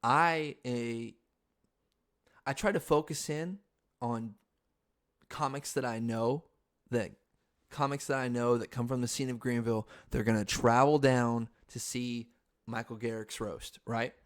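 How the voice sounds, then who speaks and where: Excitable young man telling a story. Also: mid-range voice, a little slow, pauses often. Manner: excitable, profane, frantic. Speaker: podcast host. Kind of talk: casual storytelling chat.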